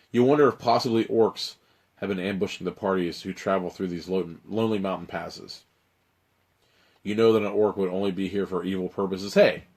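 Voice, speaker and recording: A man hosting a livestream, reading an adventure gamebook aloud with wry, irreverent asides and casual swearing. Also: low-pitched.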